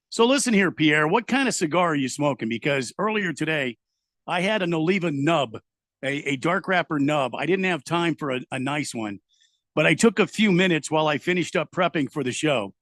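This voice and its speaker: A man hosts a relaxed radio talk show, his voice a touch higher than most men's. He drifts through listener messages with loose fillers and restarts. The sound is close and dry, with no room around it. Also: fairly quick, no echo. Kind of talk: casual radio chat, reading listener messages. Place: home studio in Arizona.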